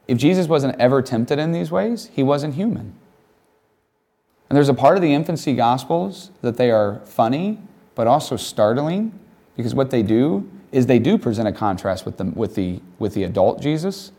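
Male campus speaker, conversational and wry, acts out quotes, middle pitch. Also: lively intonation, moderate pace, mellow. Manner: casual, joking asides, acts out quotes. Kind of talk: conversational chapel talk.

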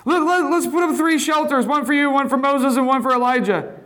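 Preacher playing Peter: flustered, high-pitched, giggly, babbling apostle. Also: male voice, brisk, fairly bright tone. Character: flustered, sheepish apostle Peter, adult man.

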